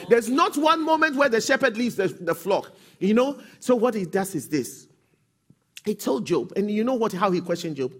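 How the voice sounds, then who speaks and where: A man preaching a sermon as pastor, calling on the congregation to respond and rising to shouts. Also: high voice, lively intonation, brisk.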